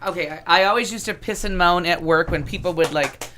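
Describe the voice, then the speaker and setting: A woman's voice: fairly low pitch, a little fast, fairly bright tone, slight background noise. A woman chatting on a podcast, telling rambling stories and presenting an entertainment news segment. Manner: rambling, chatty, self-interrupting. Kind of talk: casual podcast chat.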